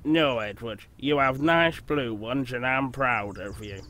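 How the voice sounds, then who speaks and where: A man's voice: slow, pushed and bright. A man doing a stern, formal railway boss. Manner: severe, formal, low. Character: stern, proper male railway director. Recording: noisy background hiss.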